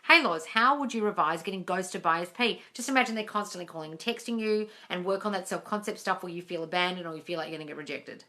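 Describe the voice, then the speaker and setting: A woman's voice: mid-range voice, sing-song, quick pace, few pauses, bright, forceful tone. A woman answering viewer questions on a livestream as a manifesting coach, talking directly and calling listeners darling. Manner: calls listeners darling and guys. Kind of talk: live Q&A coaching. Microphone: phone on a livestream.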